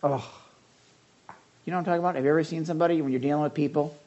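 A man's voice: on the high side, fairly even intonation, racing, darkish tone, highs cut off. A male pastor giving a conversational sermon, calling on listeners by name.

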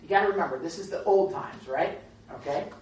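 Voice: medium pitch, brisk, a little hiss or hum. Chatty Bible study teacher in an echoey room. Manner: chatty and animated, asking the group questions. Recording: very echoey room, distant mic, dull sound.

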